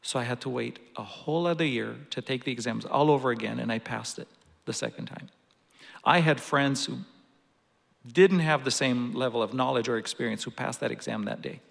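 A man's voice: medium pitch, brisk, vocal fry, fairly bright tone. A man preaching a sermon, telling a personal story earnestly with some restarts. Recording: long reverb of a large hall.

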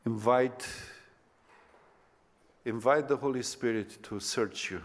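Slow-preaching man in a reverberant hall. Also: medium pitch. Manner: impassioned, rising to near-shouts then dropping to soft whispers. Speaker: pastor. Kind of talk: sermon. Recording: long reverb of a church hall.

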